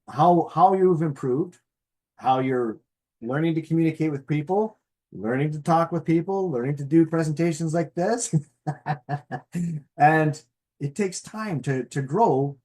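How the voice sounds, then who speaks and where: Middle-aged guy doing a motivational business pitch, husky voice, folksy, keeps saying okay. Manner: animated, folksy, checks in with "okay?". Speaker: presenter.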